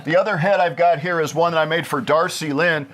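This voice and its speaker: Upbeat host guy, kinda high voice, super excited. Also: a little fast, slight background noise. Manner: upbeat, enthusiastic reactions. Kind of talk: casual interview chat.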